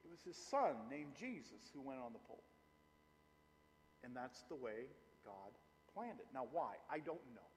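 A middle-aged man preaching a sermon as pastor, animated and emphatic, slowing down to stress key phrases. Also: mid-range voice, slight background noise. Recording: long hall reverb.

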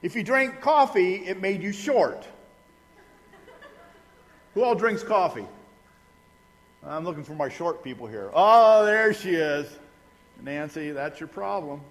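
A man's voice: high-pitched, animated, takes it slowly, long pauses. Folksy male pastor preaching in a hall. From Indiana, US. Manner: folksy, conversational, humorous asides to the congregation. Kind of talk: sermon with personal stories. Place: church sanctuary. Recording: long reverb of a church hall.

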